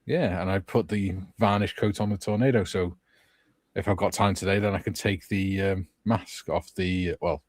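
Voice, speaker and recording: Low-voiced easygoing man hosting a call. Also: fairly even intonation, moderate pace, dry recording, studio quality. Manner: jokey, easygoing. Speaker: host. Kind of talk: casual chat. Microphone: video call.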